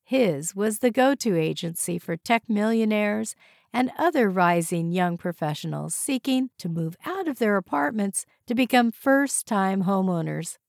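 A woman reading a novel aloud as audiobook narrator in an even, measured way. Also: medium pitch, creaky, no room sound, clean studio sound.

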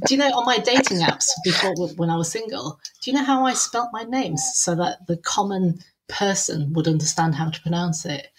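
A woman's voice: lowish voice, brisk, hardly any pauses. A woman guest on a casual podcast interview, speaking candidly and expressively with some exasperated humour. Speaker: podcast guest, advertising creative.

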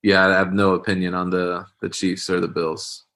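A man's voice: sits low, monotone, normal speed, a bit bright. A man in a casual sports chat, easygoing and hesitant, often restarting his sentences.

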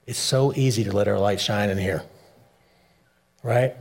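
A man preaching a sermon, shifting between soft low asides and loud, emphatic peaks. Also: a little slow, creaky. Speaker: pastor.

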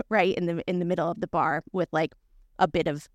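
A woman's voice: lowish voice, steady tone, brisk, dry recording, clean studio sound. A woman co-hosting a podcast, telling a story in casual chat with lots of fillers and restarts. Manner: chatty, many fillers and restarts. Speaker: podcast co-host.

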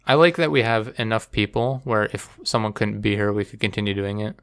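A man hosting a casual podcast chat, rambling and telling dark jokes with a straight face. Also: on the low side, a little fast, clean tone. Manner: rambling, deadpan dark joking. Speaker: podcast host and editor.

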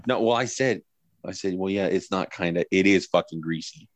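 A man's voice: deep voice, a little fast, dry recording. A man in casual movie review chat, laid-back and profane, often restarting his sentences.

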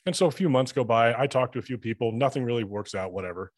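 Man, podcast guest: rapid, profanity-laced storyteller, dry close sound. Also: mid-range voice, dry recording. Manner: profane, rambling anecdotes with acted-out dialogue. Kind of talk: casual storytelling chat.

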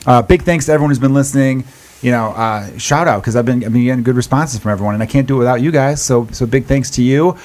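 A man's voice: medium pitch, fast, darkish tone. A young adult man hosting a podcast from a pub, rambling and self-deprecating in casual chat. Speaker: podcast host.

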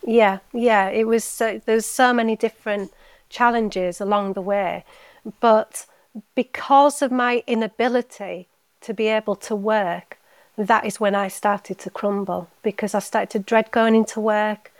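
A woman guest on a podcast, telling a personal story in a heartfelt, halting way, often repeating words. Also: mid-range voice, steady tone, clean tone, no room sound. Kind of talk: emotional personal story in casual chat.

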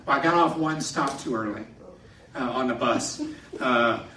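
Bright-voiced male pastor in echoey hall. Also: medium pitch, a little slow, a little hiss or hum. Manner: animated, laughing through stories. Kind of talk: sermon with personal storytelling. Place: church sanctuary, speaking from a podium. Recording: echoey hall, somewhat distant.

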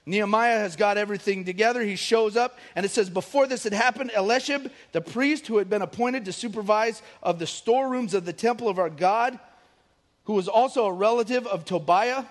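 A man's voice: sits high, fairly quick. A middle-aged male pastor preaching a casual, joking sermon and acting out quotes from the story.

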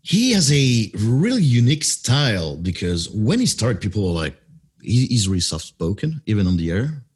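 A man with a French accent talks as a guest announcer in an animated interview, explaining at length and sometimes hunting for the right word. His voice sits fairly low and has a husky grain. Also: normal speed. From France. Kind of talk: interview conversation.

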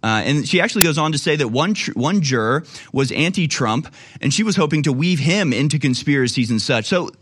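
A man's voice: fairly high pitch, expressive, fairly quick, few pauses, a bit bright, slight background noise. A man hosting a political talk radio show, quoting articles and rebutting them with indignant emphasis. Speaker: radio host.

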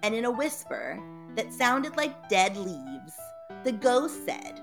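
A woman's voice: fairly high pitch, very animated, a little slow, over music. A woman reading a ghost story aloud in a dramatic, playful way.

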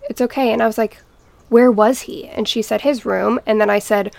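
A young woman guest telling a painful personal story in a podcast interview, halting and restarting as she recalls what happened. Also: mid-range voice, steady tone, vocal fry, a little mellow, dry recording. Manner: halting, restarts, quotes family members.

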